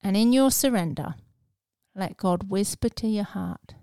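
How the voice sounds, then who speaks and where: A woman hosting a devotional podcast, speaking earnestly and encouragingly and dropping to a hush at tender moments. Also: medium pitch, unhurried, no echo, clean studio sound. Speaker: podcast host.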